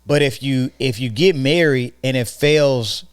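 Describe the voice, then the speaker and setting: A married man co-hosting a casual podcast, giving animated, earnest relationship advice with frequent restarts. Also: medium pitch, unhurried, clean tone, no room sound, studio quality. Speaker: podcast co-host. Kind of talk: casual chat.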